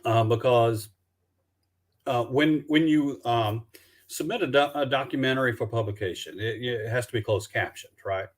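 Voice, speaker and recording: This is a man from Alabama whose Southern accent shows through his talk. He speaks at a middling pitch, stopping and restarting often, and the sound comes over a video call. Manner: halting, many restarts and fillers. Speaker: documentary filmmaker guest. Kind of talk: casual live-stream chat.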